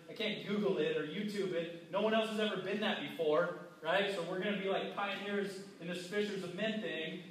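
A man preaches a sermon in a loose, conversational way and slips into the voices of the people in his story. His voice sits fairly high. He is recorded from a distance in a very echoey church hall. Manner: conversational, acts out quoted voices. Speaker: pastor. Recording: very echoey hall, mic far off.

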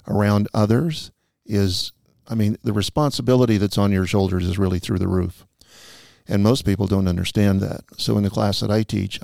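A man's voice: lowish voice, vocal fry, warm tone, dry recording, clean studio sound. A man, a firearms instructor, speaking earnestly and emphatically as a podcast guest. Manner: earnest, emphatic about responsibility. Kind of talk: conversational podcast talk. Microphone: studio podcast mic.

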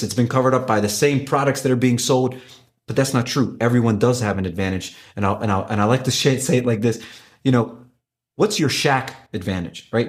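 Animated man pitching with emphatic restarts. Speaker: company executive. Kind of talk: conversational business pitch.

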